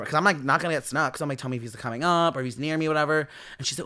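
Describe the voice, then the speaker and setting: A young man telling a story in casual chat as a guest, animated and acting out what other people said. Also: rapid-fire. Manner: animated storyteller, acts out quoted people in high yelps.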